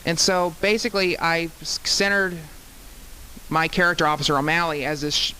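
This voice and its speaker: Bright-voiced young man rambling. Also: a little high, normal speed, slight background noise, low-quality recording. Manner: rambling, many restarts. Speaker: student actor. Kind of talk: casual interview.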